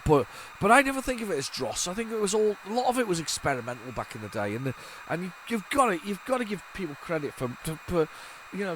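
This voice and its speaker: Chatting loosely as old game tapes load, a retro gaming channel host waffles along with many restarts. His voice is a little high, and a bit of hiss or hum sits under the recording.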